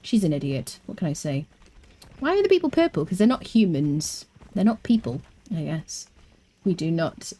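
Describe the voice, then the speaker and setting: Playful English woman, lively low voice. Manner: playful, joking, drops into quiet asides. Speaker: streamer. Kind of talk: casual live-stream chat while gaming.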